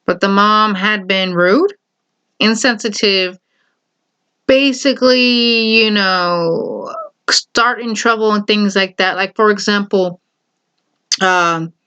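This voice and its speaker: A young woman giving her opinion in casual vlog chat, animated and often exclaiming. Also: mid-range voice, slow, pauses often, smooth. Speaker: vlogger. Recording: dull lo-fi recording.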